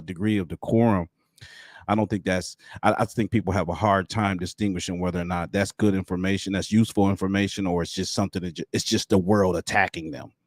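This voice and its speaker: A man's voice: low voice, no echo, clean studio sound. A man hosting a live stream, musing aloud in a casual, rambling way with frequent restarts. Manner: thoughtful, rambling, with many restarts.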